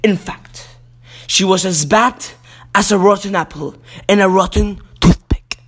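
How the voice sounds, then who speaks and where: Chatty man reading a kids' story, slow. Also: high voice, fairly bright tone, husky. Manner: chatty, stumbles and corrects himself. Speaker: podcast host.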